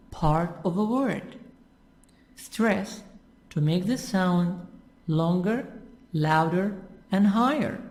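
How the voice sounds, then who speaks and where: English teacher going over syllable stress, slow, repeats everything, mid pitch. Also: darkish tone. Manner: slow, repetitive and patient. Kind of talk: classroom explanation.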